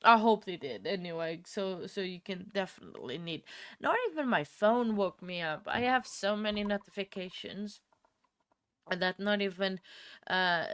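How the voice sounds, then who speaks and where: A young woman hosting a livestream, chatting casually with viewers, laughing often and filling pauses with ums. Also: mid-range voice, a bit bright, clean tone, no room sound. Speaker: livestream host. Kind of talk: casual chat with live viewers.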